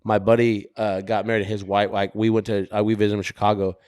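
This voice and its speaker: A middle-aged man from New Mexico, co-hosting a podcast in casual chat, relaxed and full of dude and bro. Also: lowish voice, quick pace, clean tone, dry recording, clean studio sound. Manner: laid-back, says dude and bro a lot. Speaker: podcast co-host.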